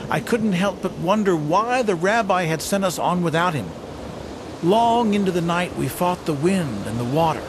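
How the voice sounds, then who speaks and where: A man telling a dramatic first-person story as a fisherman disciple, halting and stammering with wonder. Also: high voice, noisy background. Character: fisherman disciple recalling his teacher, earnest.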